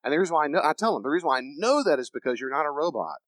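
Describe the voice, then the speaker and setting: A man delivers a teaching lecture with a preacher's emphasis, often acting out the people he quotes. His pitch rises and falls in wide, animated swings. The sound is dry and close, with no room echo. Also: racing. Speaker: counselor and preacher.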